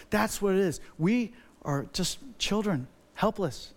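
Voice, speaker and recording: High-voiced, fired-up male pastor. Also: animated, moderate pace. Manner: emphatic and repetitive, builds energy with repeated phrases. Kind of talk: sermon.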